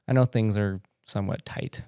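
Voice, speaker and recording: A man hosting a podcast, talking in a relaxed, conversational way. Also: fairly low pitch, normal speed, smooth, dry recording, studio quality. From Canada. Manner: relaxed, conversational, easy laughs. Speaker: podcast host. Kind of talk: casual podcast interview.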